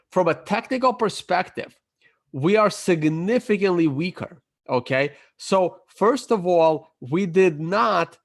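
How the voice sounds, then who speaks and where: A man with a fairly high voice walks through his charts in a loose, unscripted way. He stops and restarts often, fills gaps with "uh," and his voice sounds worn and croaky. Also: a bit bright. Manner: halting, many fillers and self-corrections. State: losing his voice, clearing his throat. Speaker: crypto chart analyst. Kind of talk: casual screen-share chart commentary.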